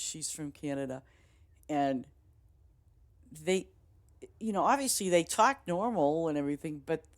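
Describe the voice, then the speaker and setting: Female game streamer, Boston accent, deep-pitched, chatty and rambling, laughs easily. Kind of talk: casual chat with stream viewers.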